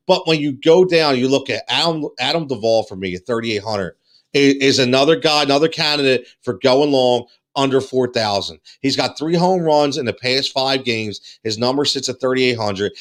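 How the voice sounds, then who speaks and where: A man hosting a fantasy sports live show, excitable and repetitive, with many fillers and restarts, saying he is losing his voice. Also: mid-range voice. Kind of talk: excited live-stream chat.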